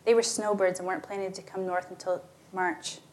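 A woman's voice: flat delivery, fairly quick. Woman reading a story aloud. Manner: reads dialogue with shifting pitch and volume. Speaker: narrator.

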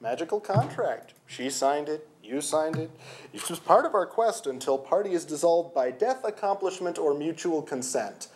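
An easygoing priest, dryly amused and unhurried, laying out the rules in a calm, matter-of-fact way, as a storyteller puts him on. The pitch moves in a lively way, and the voice stays near the reader's own in an audiobook. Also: natural voice.

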